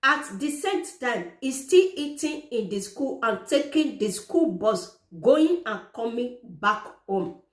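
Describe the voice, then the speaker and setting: A woman giving other parents earnest, repetitive step-by-step advice in direct address. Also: fairly high pitch. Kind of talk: informal how-to explainer. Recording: echoey room.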